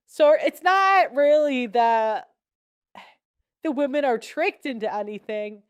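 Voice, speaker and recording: A woman's voice: high-pitched, takes it slowly, smooth, no room sound, clean studio sound. A young woman giving blunt, sarcastic commentary as a podcast host, laughing between points. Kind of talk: casual opinionated commentary.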